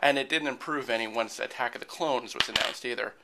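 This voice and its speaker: A man co-hosting a casual movie chat, joking dryly and pausing often with fillers. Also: mid-range voice, creaky, heavy background noise. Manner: dry joking, hesitant with many uh fillers. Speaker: podcast co-host.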